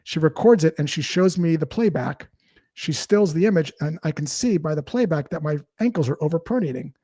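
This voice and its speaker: A man with a slightly raised pitch talks as a podcast guest. He tells stories to make his points. The sound is dry and close, with no room around the voice. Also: fairly quick, slightly rough, no room sound. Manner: lively anecdotes, acts out dialogue. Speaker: sales trainer and podcast guest. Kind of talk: storytelling interview talk.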